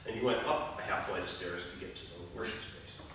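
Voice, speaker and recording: Bishop telling jokes in a sermon, bright low voice, echoey hall, mic far off. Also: male voice, a little fast, slight background noise. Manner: storytelling, joking. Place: gathering hall.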